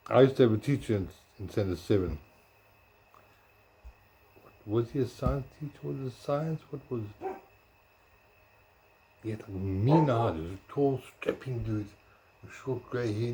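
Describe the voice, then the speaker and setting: A man telling stories from his school days in a rambling, casual way. He corrects himself and searches his memory aloud, sometimes talking softly. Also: medium pitch, animated, measured pace, pauses often, background noise. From South Africa. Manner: talks softly at times. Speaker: blogger. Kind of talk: casual storytelling.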